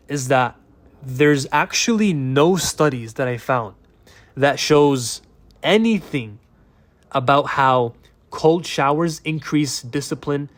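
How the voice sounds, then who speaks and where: Man, mid-pitched, dry close sound; blunt, slangy coach type for a casual advice vlog. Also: no echo. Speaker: productivity coach. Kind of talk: casual talking-head advice.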